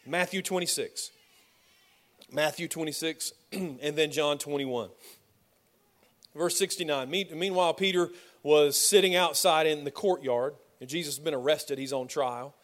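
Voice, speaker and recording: A man preaching with a fairly high voice, driving his points home emphatically. He swings between loud declarations and hushed, close asides, a pastor working through scripture with his congregation. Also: unhurried. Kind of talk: sermon.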